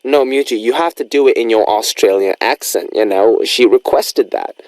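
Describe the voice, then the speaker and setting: A man's voice: mid-range voice, normal speed, darkish tone, dry recording. A man hosting a radio music show, reading listener messages aloud in a playful, teasing, chatty way. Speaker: radio DJ host.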